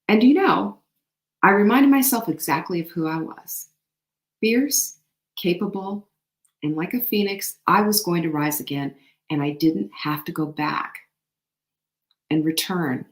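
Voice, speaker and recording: A woman hosting a show, giving an animated, faith-filled motivational talk to women. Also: lowish voice, a little slow, pauses often. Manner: animated, emphatic, faith-inspired encouragement. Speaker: show host. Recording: echoey room.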